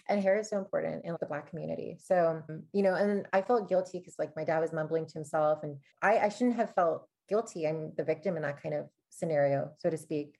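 A woman's voice: on the low side, fairly quick, darkish tone. A young woman co-hosting a casual advice chat, telling personal stories candidly with many fillers.

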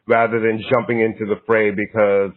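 A man's voice: lowish voice, level tone, brisk. A man co-hosting a podcast in casual chat, blunt and fed up, swearing casually. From United States. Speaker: podcast co-host. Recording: tinny phone-like line.

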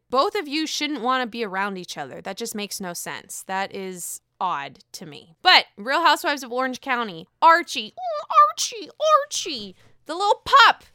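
A woman's voice: on the high side, clear, resonant tone, no room sound, clean studio sound. Blunt, profane woman ranting casually. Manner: blunt, profane, animated rant. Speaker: commentator. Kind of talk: casual reality-TV commentary.

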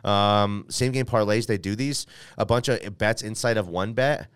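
A man hosts a casual sports podcast, rambling and correcting himself with plenty of fillers. His voice sits fairly low and comes through very smooth and clean. The sound is dry and close, with no room around it. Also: moderate pace, fairly bright tone, dry recording. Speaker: podcast host. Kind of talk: casual podcast talk with ad read.

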